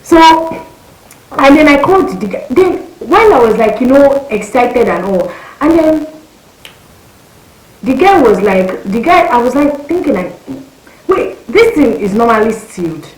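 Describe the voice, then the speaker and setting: A young woman in her twenties with a Nigerian accent, telling a story to her viewers in a lively, exclamatory way with her voice leaping up when she gets excited. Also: high voice, measured pace, long pauses, roomy sound, poor audio. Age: 20s. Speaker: vlogger. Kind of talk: casual storytelling rant.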